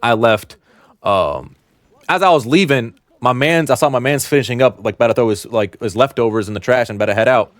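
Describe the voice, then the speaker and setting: A young man telling a personal story to camera in a blunt, slangy, animated way. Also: medium pitch, brisk, no echo. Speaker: storytime vlogger.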